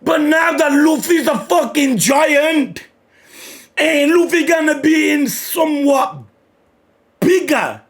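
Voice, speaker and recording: A man takes it slowly while giving live reactions to a manga chapter, alternating between loud excited shouts and low, muttered reading-along.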